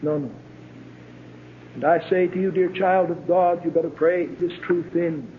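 A middle-aged man preaching a sermon as a pastor, with emphatic swells and sudden hushed drops. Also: fairly high pitch, fairly even intonation, unhurried. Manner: emphatic preaching, rising to ringing climaxes and dropping to hushed tones. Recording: tinny phone-like old sermon tape with faint hiss.

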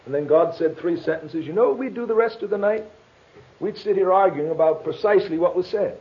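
A man's voice: high-pitched, expressive, brisk. A middle-aged man preaching a sermon, earnest and rising to emphatic bursts. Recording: muffled lo-fi recording.

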